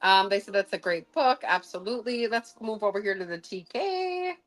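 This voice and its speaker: A woman's voice: medium pitch, expressive, normal speed, faint music behind, rough recording. A woman hosting a casual livestream as a sound healer. She talks in a chatty, rambling way with many filler sounds.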